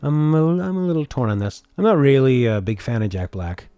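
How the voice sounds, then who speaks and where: A man's voice: medium pitch, very animated, fairly quick, dark tone, no echo, soft background music. A man streaming a casual reaction chat, talking things over and reading viewer comments aloud before answering them. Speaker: streamer reacting to a game showcase.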